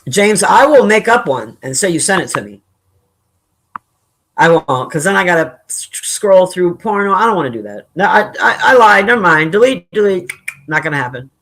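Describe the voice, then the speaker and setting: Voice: medium pitch, big pitch swings, normal speed, fairly bright tone, slight background noise. A live streamer chatting casually with viewers and reading their messages, blunt, profane and laughing often. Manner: blunt and opinionated.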